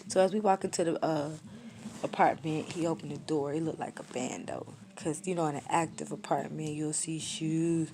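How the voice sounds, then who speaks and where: A woman's voice: deep voice, fairly even intonation, moderate pace, dark tone, slight background noise. A woman in her twenties telling a personal story in a casual vlog, in blunt, slangy, matter-of-fact talk that shows little emotion. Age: 20s. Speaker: storyteller vlogger. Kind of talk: casual story time monologue.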